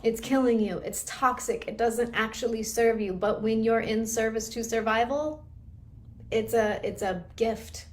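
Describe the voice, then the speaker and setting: A woman's voice: a little high, measured pace. A woman trauma recovery coach teaching a live class, explaining in an earnest, patient way.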